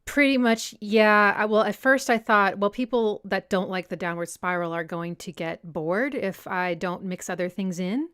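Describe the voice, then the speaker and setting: Young woman, livestream host, chatty and smooth, close dry mic. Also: medium pitch, moderate pace, few pauses, fairly bright tone, no echo. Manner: chatty, reads out viewer comments and answers them. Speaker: music analysis channel host. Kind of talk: casual livestream Q&A chat. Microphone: personal desk mic.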